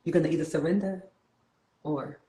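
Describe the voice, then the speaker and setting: A woman's voice: deep voice, fairly even intonation, brisk, warm tone, echoey room, poor audio. A woman from New York with a New York accent hosting a casual spiritual talk, playful, laughing often and turning reflective.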